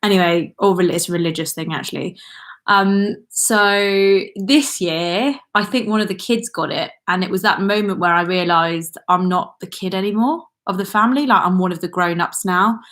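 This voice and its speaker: A woman's voice: on the low side, a bit bright. A young woman chatting casually on her livestream, reading out viewer comments and rambling with frequent ums and little laughs. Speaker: YouTuber hosting a livestream. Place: indoors at home with a laptop.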